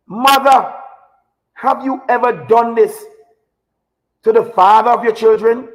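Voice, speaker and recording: A man's voice: extremely high pitch, slow pace, long pauses, low-quality recording. A man hosting a live talk show, delivering an emotional, preachy monologue with repeated phrases for emphasis.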